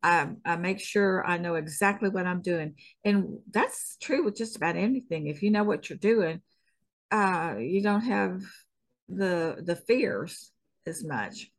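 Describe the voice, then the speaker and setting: A lowish, animated voice belongs to this middle-aged Southern US stunt woman, who's a guest in a casual interview. Unhurried and folksy, she chats easily and lets out frequent chuckles.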